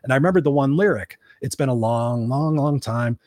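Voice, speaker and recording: A man's voice: medium pitch, a little fast, a little mellow, no room sound, studio quality. A man hosting a podcast, telling a candid, emotional personal story with lots of restarts. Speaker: podcast host. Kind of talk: personal storytelling in casual talk.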